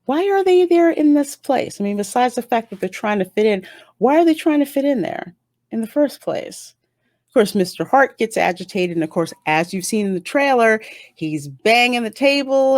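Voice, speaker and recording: A woman giving a casual, stream-of-consciousness review of a TV episode, chatty and animated, with sudden jumps up in pitch. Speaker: YouTube reviewer.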